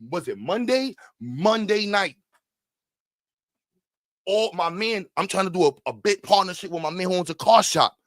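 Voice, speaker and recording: A man hosting a podcast, giving casual commentary on a clip and swinging between calm talk and loud, profane outbursts. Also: high voice, normal speed, pauses often, no echo, clean studio sound. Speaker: podcast host.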